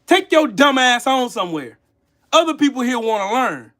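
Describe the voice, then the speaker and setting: A man ranting on a livestream. His voice sits very high and swings widely in pitch. He is heated and profane, lashing out at his viewers between sighs and mutters. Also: very animated, moderate pace, a bit bright. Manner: heated, profane, scolding the chat. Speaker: channel host. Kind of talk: livestream commentary rant.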